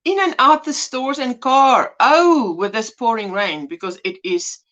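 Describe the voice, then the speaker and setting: A woman's voice: fairly high pitch, measured pace, a bit bright. A woman hosting a casual livestream, greeting viewers by name with pet names and laughing often. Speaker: livestream host. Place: indoors at home.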